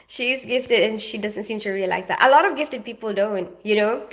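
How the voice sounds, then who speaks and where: A middle-aged woman talking casually into her phone on a live stream. Her pitch sits in the middle, and she rambles loosely about her day, filling gaps with "you know" and "like". She greets viewers by name between thoughts. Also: normal speed, hardly any pauses, fairly bright tone. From half Filipino, half British. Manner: chatty, rambling, reads viewer comments aloud.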